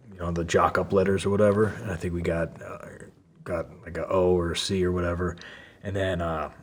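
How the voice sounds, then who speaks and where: A man's voice: deep voice, fairly bright tone. A man telling a story from his past in a casual way, full of fillers and swearing, acting out the quotes. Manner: profane, lots of fillers, acts out quotes. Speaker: podcast guest.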